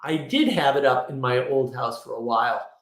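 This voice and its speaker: A man hosting a casual livestream, talking in an opinionated, rambling way with quick asides. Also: mid-range voice, a bit bright. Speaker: livestream host. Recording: roomy echo.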